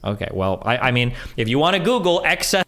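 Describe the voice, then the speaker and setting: A man's voice: medium pitch, big pitch swings, fairly quick, a bit bright. A man in a heated debate, insistent and argumentative, pointing to sources.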